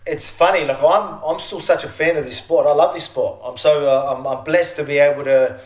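A man's voice: fairly high pitch, fairly even intonation, a little fast, darkish tone. An Australian man talking eagerly as an interview guest, often restarting his sentences. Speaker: fighter guest. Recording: echoey room.

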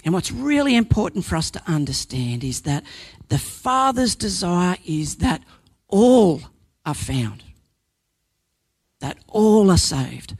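A man's voice: high-pitched, sing-song, slow pace, long pauses, slightly rough, no room sound. A man preaching a sermon, earnest and emphatic, building points through repetition and sometimes restarting a phrase.

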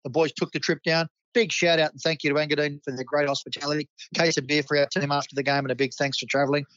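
A man's voice: on the high side, flat delivery, fast, a bit bright, no room sound. Australian male club host, enthusiastic mate-to-mate delivery, dry lo-fi recording. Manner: enthusiastic, matey. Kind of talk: community sports club roundup.

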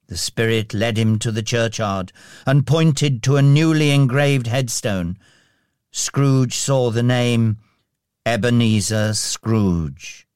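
A man narrating a storybook in a measured, expressive way. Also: mid-range voice, no room sound, studio quality. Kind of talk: storybook reading.

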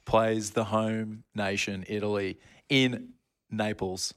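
A man's voice: medium pitch, steady tone, normal speed, a bit bright. A man co-hosting a casual sports podcast, telling a long story in a rambling way and laughing at his own slips. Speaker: podcast co-host.

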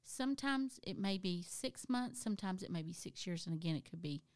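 A woman's voice: medium pitch, lively intonation, fairly quick, no room sound. A woman co-hosting a casual faith podcast, chatty and folksy with frequent laughter. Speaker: podcast co-host.

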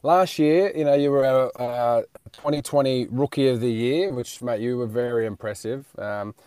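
A man's voice: medium pitch, normal speed, darkish tone, smooth, no room sound. A man co-hosting a footy radio show from his car, talking in a matey, jokey way with lots of fillers. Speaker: co-host and rugby league player. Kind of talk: casual radio chat.

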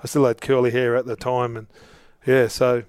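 A man's voice: mid-range voice, flat delivery, moderate pace, darkish tone, smooth, no echo. A middle-aged Australian man, an interview guest, telling long casual anecdotes with lots of restarts. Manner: rambling anecdotes with many restarts. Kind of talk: casual storytelling.

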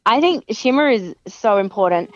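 A young adult Australian woman, a professional wrestler, chatting in an interview and lively acting out other people's remarks. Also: moderate pace. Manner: chatty, animated, acts out other people's lines in a higher voice. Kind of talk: casual interview chat. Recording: dry, dull lo-fi podcast sound.

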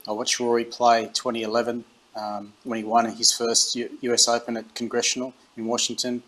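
A man's voice: mid-range voice, brisk, poor audio. A middle-aged Australian man in a casual interview, telling stories and acting out the dialogue, with frequent restarts. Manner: animated anecdotes, acts out quoted dialogue, frequent restarts. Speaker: interview guest, former rugby captain. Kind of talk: casual storytelling.

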